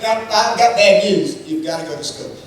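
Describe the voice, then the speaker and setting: A man performs a stand-up comedy routine in a very high, lively voice, stretching his lines and suddenly shouting out sound effects. He is picked up from far off in a huge echoey hall, with clear noise behind him. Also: moderate pace. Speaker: comedic speaker on stage. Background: audience laughter.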